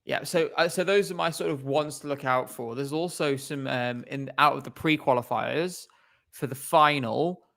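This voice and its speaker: A man's voice: mid-range voice, normal speed, vocal fry, fairly bright tone. A man co-hosting a casual podcast chat over a video call, rambling and hesitant with many fillers. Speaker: co-host.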